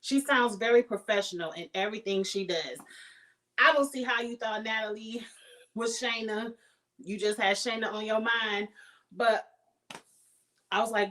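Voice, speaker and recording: A woman's voice: a little high, fairly even intonation, normal speed, long pauses, a bit bright, poor audio. Chatty woman recapping reality TV. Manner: chatty, playful, acts out quotes in sassy voices. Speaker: show reviewer.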